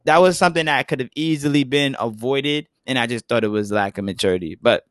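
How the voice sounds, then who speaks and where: A young man with a New York accent, co-hosting a podcast in casual, profane, animated chat. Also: medium pitch, fast, no echo, clean studio sound. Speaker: podcast co-host.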